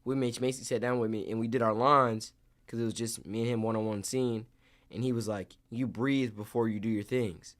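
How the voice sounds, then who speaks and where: A young man, an actor, telling stories in a casual interview, animated and acting out what others said. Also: medium pitch, a little fast. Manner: animated storyteller, acts out quotes.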